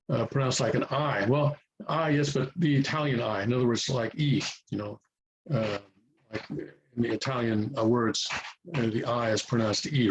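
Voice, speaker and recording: A native English-speaking man giving a language lesson, repeating himself often and pausing with fillers as he explains. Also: mid-range voice, rough recording. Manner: repeats words, many fillers and restarts. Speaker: language teacher. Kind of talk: explaining at a whiteboard-style lesson.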